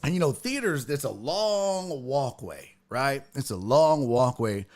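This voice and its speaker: A man's voice: medium pitch, unhurried. A man who hosts a podcast and does stand-up, telling crude stories in casual chat and laughing through them. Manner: animated, profane, laughs through his stories. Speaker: podcast host and stand-up comedian.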